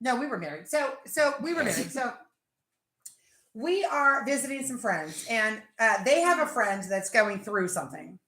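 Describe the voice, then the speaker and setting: A woman's voice: fairly high pitch, very animated, moderate pace, fairly bright tone, reverberant. A woman hosting a casual live chat with viewers, talkative and laughing as she drinks. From Pennsylvania. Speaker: livestream host.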